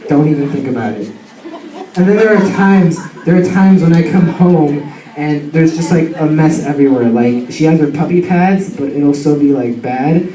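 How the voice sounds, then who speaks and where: A young man telling a funny story about his dog in an animated, slangy way full of fillers. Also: fairly high pitch, moderate pace, crowd noise. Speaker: student storyteller. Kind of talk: comic personal storytelling. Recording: roomy sound from a distant mic.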